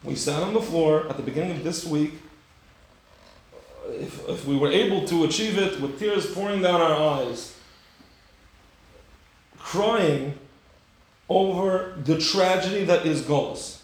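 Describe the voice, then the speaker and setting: A man teaching a Torah class with rhetorical questions, his voice a touch high for a man. He acts out the story with sudden high, loud bursts. The room is strongly echoey. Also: measured pace, pauses often. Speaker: rabbi giving a class.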